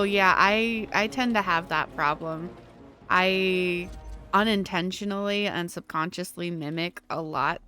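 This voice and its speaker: A woman's voice: fairly low pitch, sharp tone. A woman streaming a game live, chatting casually with her viewers and often giggling. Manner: chatty, giggly, answers chat.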